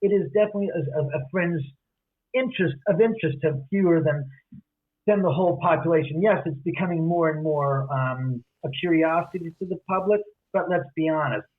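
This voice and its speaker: An animated man tells stories in a casual interview, slipping into the voices of others as he goes. His voice sits a little high. It comes through a thin, phone-like line. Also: a little fast. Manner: animated, acts out quotes. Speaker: guest, author and homeowner.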